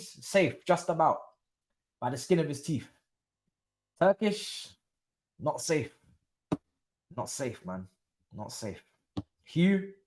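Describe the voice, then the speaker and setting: A man's voice: medium pitch, a little hiss or hum. A young man, commentating casually on a live football watchalong and chatting to his viewers in slang. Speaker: watchalong streamer.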